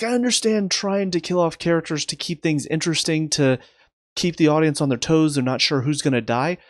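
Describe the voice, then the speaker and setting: A man casually reviewing a TV episode, exasperated and sarcastic, restarting his sentences often and recapping scenes in quick lists. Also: on the high side, no room sound, studio quality. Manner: rapid recaps in a flat list. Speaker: TV review host.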